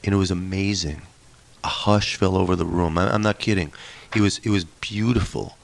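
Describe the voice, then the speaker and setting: A man's voice: sits low, fairly even intonation, normal speed, gravelly. A middle-aged man telling a personal story in a wry, candid way, swearing now and then for emphasis. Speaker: musician and storyteller.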